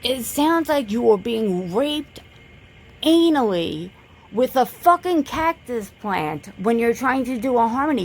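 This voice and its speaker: A woman's voice: on the high side, expressive, a little slow. A woman vlogger delivering a blunt, profane, confrontational rant, lecturing and repeating her points for emphasis. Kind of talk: direct-to-camera rant.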